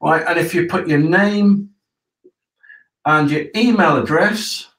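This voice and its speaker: A man's voice: fairly high pitch, takes it slowly, a bit bright, roomy sound, poor audio. A man hosting a casual live broadcast, explaining things step by step in a chatty way and checking in with listeners. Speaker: septic tank business owner hosting a live broadcast.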